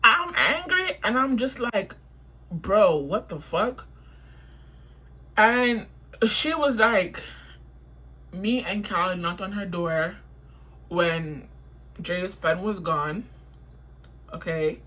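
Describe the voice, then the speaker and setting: A woman's voice: mid-range voice, slow, long pauses, bright, forceful tone. A young woman telling a storytime vlog, heated and profane, repeating herself as she vents. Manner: heated, profane, repetitive venting.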